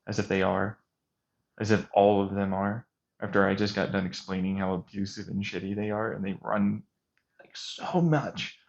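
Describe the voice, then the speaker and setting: A man's voice: fairly low pitch, creaky, darkish tone. A man vlogging an intense monologue, agitated and sarcastic as he rants. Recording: dull lo-fi recording.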